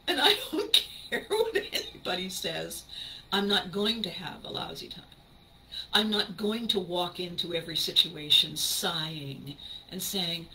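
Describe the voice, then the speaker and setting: A woman hosting a motivational podcast, animated and emphatic, often laughing and acting out what other people say. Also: medium pitch, takes it slowly, a little hiss or hum, rough recording. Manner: acts out quoted people in a shifted voice. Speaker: podcast host. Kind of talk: motivational talk.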